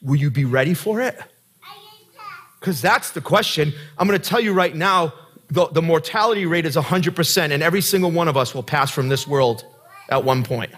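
A man's voice: a little high, moderate pace, fairly bright tone, breathy edge. A man preaching a sermon as pastor, earnest and conversational, putting direct questions to the congregation.

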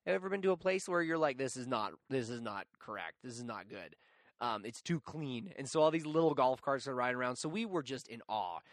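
A young man hosting a podcast, telling a story in a chatty, animated, self-mocking way with lots of fillers. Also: mid-range voice, a little fast, no echo, clean studio sound. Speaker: podcast host. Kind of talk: casual storytelling.

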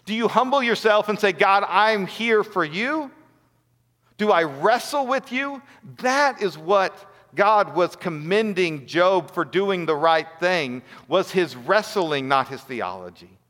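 A male preacher with a fairly high voice delivers an earnest sermon, pressing his listeners with rhetorical questions. His voice rings out with a long hall reverb trailing each phrase. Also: animated, a little slow, few pauses, a bit bright.

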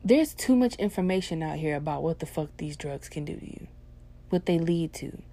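Low-voiced woman host, blunt and profane, ranting in a casual monologue. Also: normal speed. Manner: blunt, heavily profane, swings into loud animated ranting.

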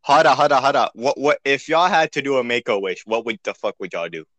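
A man's voice: medium pitch, animated, quick pace, fairly bright tone, dry recording. A man co-hosting a podcast in casual chat, swearing a lot and laughing often. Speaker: podcast co-host.

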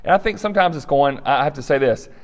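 A man, a pastor, leading a conversational faith discussion and closing in prayer, earnest and quick to laugh. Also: a little high, lively intonation. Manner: earnest, laughs often, acts out quoted prayers.

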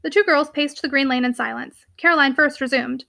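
A woman reading a classic novel aloud as podcast host, in a steady, clear narrating voice. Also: high voice, a little fast, few pauses, dry recording. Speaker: podcast host and audiobook reader. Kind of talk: audiobook narration.

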